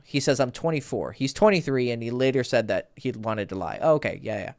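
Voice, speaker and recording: A man in his thirties tells a story as a dating coach, swearing freely and stopping to correct himself. His pitch swings up and down a lot. The recording is close and dry. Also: lively intonation, normal speed, fairly bright tone, no room sound. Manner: rambling, profane, self-correcting. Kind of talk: casual storytelling.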